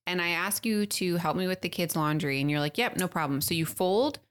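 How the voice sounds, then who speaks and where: A lower-pitched woman bantering with her partner on a podcast. She sounds exasperated, swears a lot and laughs easily while telling her side. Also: fairly quick, clean tone. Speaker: podcast co-host. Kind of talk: casual couple banter.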